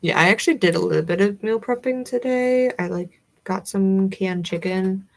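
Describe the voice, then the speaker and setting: Chatty young Southern woman with gravelly fry. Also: mid-range voice, moderate pace. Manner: chatty, rambling, giggly, many fillers. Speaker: livestream host. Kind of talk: casual chat with viewers.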